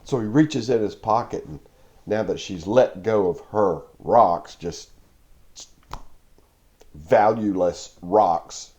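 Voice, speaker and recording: A man's voice: fairly low pitch, slow pace, pauses often, a little mellow. A man giving a devotional talk, telling a parable with emphatic repeats and laughs. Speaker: Christian video preacher.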